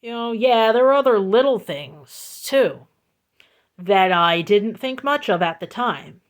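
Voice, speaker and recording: A woman telling a storytime vlog into her phone, slow, deliberate and emphatic, repeating her points for weight. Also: mid-range voice, lively intonation. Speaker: vlogger.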